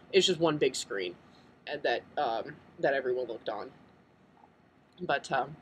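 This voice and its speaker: A man's voice: fairly high pitch, a bit bright, a little hiss or hum, poor audio. A young American man chatting casually in a vlog, rambling and full of ums. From United States. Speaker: vlogger.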